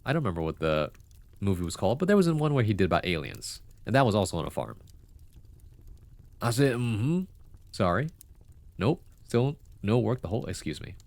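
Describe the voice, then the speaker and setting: Deep-voiced male streamer with congested nose. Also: very animated, fast, vocal fry, darkish tone, dry recording. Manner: chatty, rambling, with many fillers and self-corrections. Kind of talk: casual livestream commentary.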